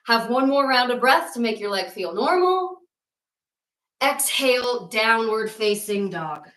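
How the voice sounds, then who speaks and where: A woman's voice: fairly high pitch, sing-song, measured pace, fairly bright tone, roomy sound, distant mic, rough recording. A woman leading a guided yoga class and telling a myth along the way, with playful, jokey asides. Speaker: yoga teacher.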